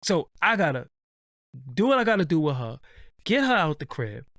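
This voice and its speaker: A man telling a casual, profane anecdote in lively street slang. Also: fairly high pitch, normal speed, no echo, clean studio sound. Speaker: storyteller.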